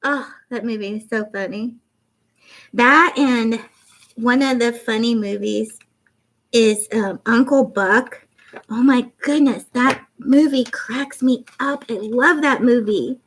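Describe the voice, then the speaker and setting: Woman in her fifties, faint Canadian and Southern accent mix, tired and goofy, slightly high voice. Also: takes it slowly. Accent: mixed Canadian and Southern traces. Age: 50s. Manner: goofy, giggly, chatty. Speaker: livestream crafting host. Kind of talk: casual chat reading viewer comments.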